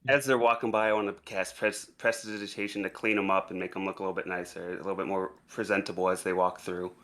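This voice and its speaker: A male player at a tabletop role-playing session, speaking with a lowish voice. He stays calm and composed, even when his character is facing down trouble. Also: fast talker.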